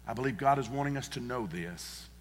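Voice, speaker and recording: A man's voice: medium pitch, expressive, brisk, long reverb tail. A male pastor preaching a sermon in a church, earnest and emphatic, repeating his key phrases. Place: church sanctuary.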